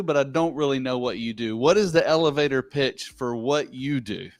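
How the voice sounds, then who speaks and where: A man with a Southern US accent co-hosting a live show, chatting casually in a rambling, self-deprecating way with frequent halting restarts. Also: medium pitch, no echo, faint music behind. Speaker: co-host.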